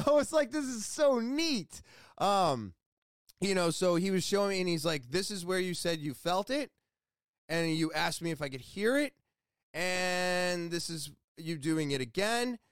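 A man telling a rambling personal story in a casual vlog, excitable and loud, with lots of restarts and the odd swear word. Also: high voice, unhurried, smooth, no room sound, clean studio sound. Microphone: headphones with mic.

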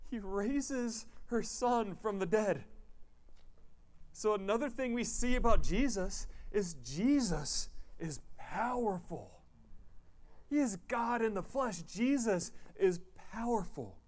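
A man giving a sermon in an earnest, animated way, telling personal stories as a missionary speaker and acting out what people said. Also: sits high, takes it slowly. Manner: earnest, animated, acts out quoted speech. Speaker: missionary guest speaker at a church.

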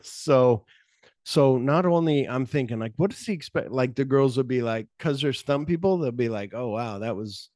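A man's voice: medium pitch, normal speed, no echo, clean studio sound. A man hosting a casual movie podcast, retelling scenes with swearing and acting out the characters' lines. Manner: animated storytelling, swears freely, acts out characters' lines. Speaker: podcast host.

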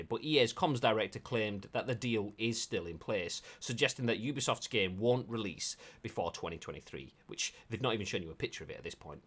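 Male game news host, animated delivery, rambling jokey asides while reading articles. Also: on the low side. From United Kingdom. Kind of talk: casual live-stream news chat.

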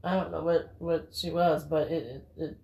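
A woman's voice: low voice, little pitch movement, normal speed, vocal fry, darkish tone, roomy sound. A woman co-hosting a casual talk show, blunt and preachy, who swears casually. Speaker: podcast co-host. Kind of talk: casual chat.

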